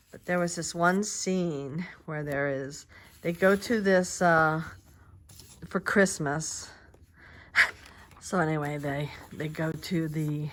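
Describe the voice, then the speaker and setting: An older woman chatting in a meandering way while she crafts at home, with lots of fillers and restarts. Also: deep voice. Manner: soft-spoken, drops to murmurs while working. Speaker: crafting vlogger. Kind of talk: casual chat while crafting. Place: quiet home craft space.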